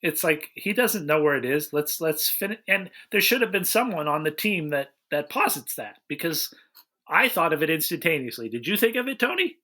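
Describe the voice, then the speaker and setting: Male co-host, dry plot recapper with a bright, somewhat high voice. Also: normal speed. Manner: wry, deadpan plot recaps. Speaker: podcast co-host. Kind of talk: casual movie-roasting chat.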